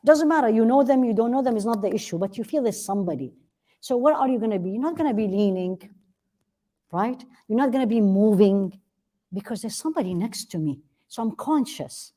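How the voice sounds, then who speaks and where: Warm-voiced woman teaching a religious class. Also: medium pitch, expressive, moderate pace. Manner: earnest, asks rhetorical questions and answers them; repeats key phrases for emphasis. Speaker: Islamic teacher. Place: classroom with a live audience.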